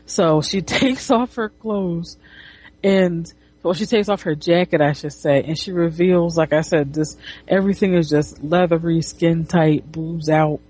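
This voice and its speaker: A woman's voice: fairly low pitch, a little slow, dark tone, slightly rough. A woman casually retelling a comic book, rambling with restarts and swearing. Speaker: comic reviewer.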